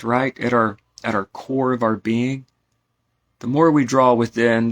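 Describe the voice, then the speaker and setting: Speaking in a mid-range voice, an American man teaches esoteric lore in a relaxed lecture. His delivery wanders into many asides, punctuated by "right?" directed at the audience.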